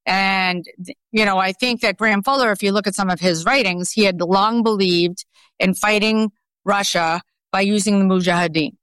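Middle-aged Boston woman, interview guest; smooth, resonant, pointed and skeptical. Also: medium pitch, fairly even intonation, moderate pace, fairly bright tone, no room sound. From Boston, USA. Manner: emphatic, skeptical, conversational with fillers. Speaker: guest journalist. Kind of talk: podcast interview.

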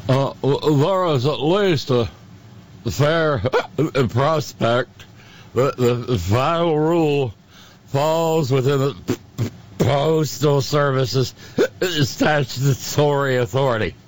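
A man putting on a slurred, giggly drunken voice for a male judge, delivered in a halting way. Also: mid-range voice, voice pushed up, lightly acted. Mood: tipsy.

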